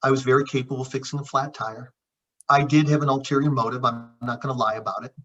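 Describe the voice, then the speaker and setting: Husky middle-aged man telling a story. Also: medium pitch, fast talker. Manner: lively storyteller acting out dialogue, frequent repeats. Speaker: guest chiropractor. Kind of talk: conversational storytelling. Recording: dull lo-fi audio.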